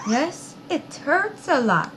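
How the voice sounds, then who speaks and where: A woman voicing a small, timid male guinea pig with high squeaky cries in a storybook reading. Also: very animated, takes it slowly, noisy background, exaggerated voice. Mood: insistent.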